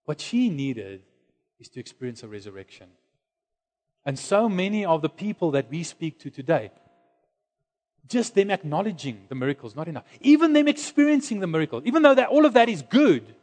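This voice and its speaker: A man preaching a sermon, dropping to hushed low lines and then rising to loud, high exclamations. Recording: long hall reverb.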